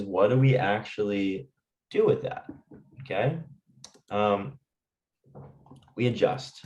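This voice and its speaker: A man calmly teaching stress management and guiding listeners through breathing exercises, often checking in with "right?". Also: lowish voice, echoey room, far from the mic, low-quality recording. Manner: calm, talks directly to listeners with fillers and "right?". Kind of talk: guided lesson with breathing exercises.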